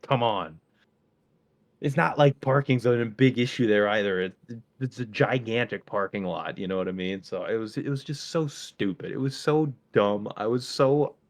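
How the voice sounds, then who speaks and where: A young man from the American Midwest, co-hosting a casual podcast and ranting in an animated way, with his voice jumping up when he gets worked up. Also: on the low side. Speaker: podcast co-host. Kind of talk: casual solo podcast chat.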